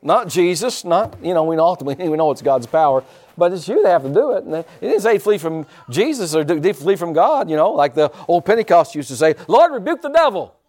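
A man's voice: on the high side, quick pace. A man preaching a sermon. He calls out to the congregation, repeats his lines for effect and drops in folksy, joking asides. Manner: animated preaching with call-and-response and repeated phrases. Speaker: pastor.

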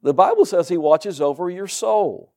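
A man's voice: sits high, lively intonation, moderate pace, a little mellow. A middle-aged man preaching a sermon as pastor, folksy and joking asides to the congregation.

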